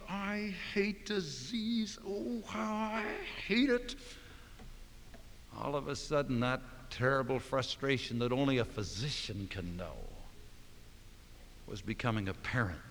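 A male pastor preaching a sermon, moving from quiet, even talk to loud, slowed-down emphasis on key words. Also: mid-range voice, slight background noise. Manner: dramatic swings between soft and loud, slowing for emphasis. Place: church sanctuary. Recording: reverberant hall.

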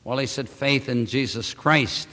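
A man preaching a sermon, reading scripture aloud and speaking to the congregation with emphatic, drawn-out phrasing. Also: medium pitch, steady tone, bright, forceful tone. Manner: addresses congregation as beloved. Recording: long hall reverb.

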